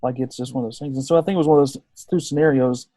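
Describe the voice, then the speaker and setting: A man's voice: mid-range voice, rapid-fire, dry recording. A man in his thirties, a podcast guest telling a personal story in conversation, acting out the people he quotes. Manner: lively storyteller who acts out quoted dialogue.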